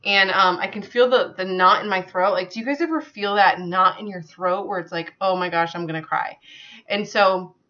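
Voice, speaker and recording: A woman's voice: medium pitch, moderate pace, bright, forceful tone, muffled recording. A woman telling a personal story to her viewers in an earnest, conversational way, with many fillers. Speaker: vlogger.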